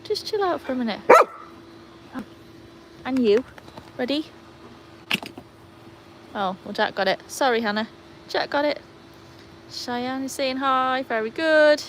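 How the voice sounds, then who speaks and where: A woman's voice: fairly high pitch, unhurried, pauses often, slight background noise. A woman hosting a casual livestream in her garden, chatting to viewers while fussing over her dogs. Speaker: livestream host. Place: outdoor garden.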